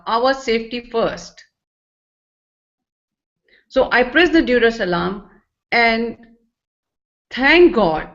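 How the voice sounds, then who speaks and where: A woman sharing a personal experience in earnest, emotional testimony, with non-native English phrasing. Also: on the high side. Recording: dull lo-fi recording.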